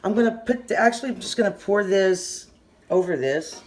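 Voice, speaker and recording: A middle-aged woman with a Southern US drawl walks through a homemade recipe in a casual kitchen demonstration. She rambles, trails off and starts her sentences over. Her voice sits at an ordinary middle pitch. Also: expressive, slight background noise. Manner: rambling, halting, often restarts sentences. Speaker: home cooking channel host.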